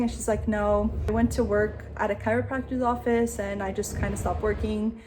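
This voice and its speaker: A woman in her late twenties, a vlogger telling a story to the camera in a chatty, excitable way, saying "like" a lot. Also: a little high, fairly quick, hardly any pauses, a little hiss or hum. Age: 20s.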